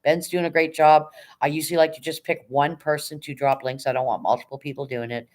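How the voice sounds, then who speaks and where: A woman hosting a casual livestream, reading chat and cheering viewers on in a hyped, rapid auctioneer-like patter, swearing now and then. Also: low-pitched, fairly even intonation, a little mellow. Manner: chatty, encouraging, swears casually. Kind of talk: casual live-stream chat.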